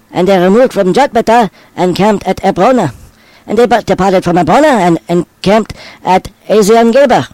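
A man with a rather high voice recites scripture at a steady, even pace. The sound is close and dry, with no room echo. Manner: steady, measured recitation of place names. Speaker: rabbi reading scripture. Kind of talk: scripture reading.

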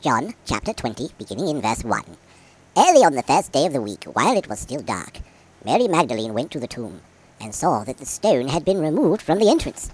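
A woman with a husky voice reading a scripture passage aloud, with expression. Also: deep voice, very animated, a little fast, a little mellow, rough recording. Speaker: scripture reader.

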